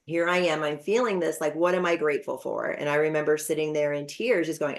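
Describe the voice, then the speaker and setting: Low-voiced woman hosting a chatty podcast. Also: steady tone, moderate pace, vocal fry, hardly any pauses. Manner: chatty, warm storytelling with frequent fillers. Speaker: podcast host. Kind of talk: casual conversational interview.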